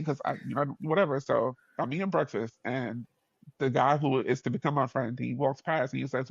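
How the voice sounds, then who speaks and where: A man from New York, speaking with a New York accent, tells a story as a podcast guest with an animated, expressive delivery. He acts out the people in his story, jumping up in pitch and laughing often. His voice sits at an ordinary middle pitch, and the audio is dry and a little dull. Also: fast talker, slightly rough, no echo. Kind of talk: casual storytelling in conversation.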